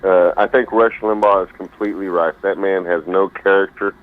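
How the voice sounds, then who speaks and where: A man calling in to a radio talk show, rambling in a folksy way and pausing to search for his words. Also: low voice, steady tone. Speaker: caller. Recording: phone-line call.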